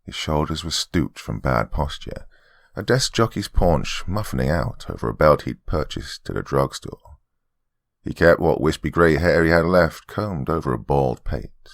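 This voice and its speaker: A man narrating a horror story as host of his podcast, in a dry, measured storytelling manner. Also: rumbling low, expressive, no room sound.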